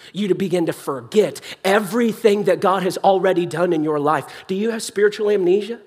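A man's voice: high-pitched, a little mellow, breathy edge. A young adult man preaching a sermon in a church hall, impassioned yet conversational.

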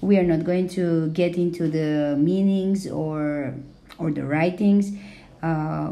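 A woman teaching in a podcast lesson, speaking slowly and carefully with many fillers, her voice still a little hoarse as it recovers. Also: low voice, mellow. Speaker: language teacher.

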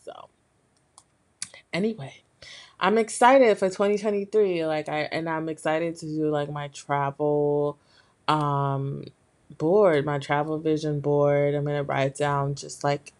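A young woman hosting a solo podcast, talking candidly in a rambling way with lots of fillers, her voice a bit hoarse from being sick. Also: low-pitched, steady tone, unhurried, a little mellow. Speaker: podcast host. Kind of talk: casual solo podcast talk.

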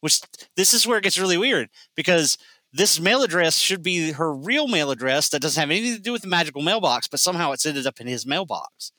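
Bright-voiced man explaining a plot point. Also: a little high, expressive, fairly quick, dry recording, poor audio. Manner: explanatory, emphatic, easygoing. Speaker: podcast co-host. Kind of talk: casual movie review chat.

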